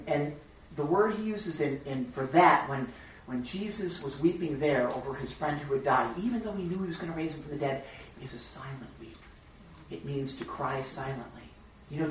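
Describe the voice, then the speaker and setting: Guy teaching bible study all fired up, quick bursts, sounds dull and far off in a big echoey room. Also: fairly high pitch, slight background noise. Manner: excitable, acts out crowd voices, talks fast in bursts. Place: room with a small study group.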